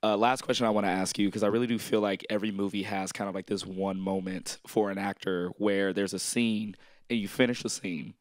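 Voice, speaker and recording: A man hosting a casual film interview, enthusiastic, with short affirmations and quick reactions. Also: on the low side, fairly even intonation, no echo. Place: live event after a film screening.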